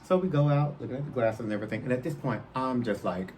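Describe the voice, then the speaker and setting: A man's voice: medium pitch, fast talker, few pauses, slight background noise. A man, telling a personal story on his podcast and talking straight to his listeners. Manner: animated, addresses listeners directly, acts out quotes. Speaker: podcast host.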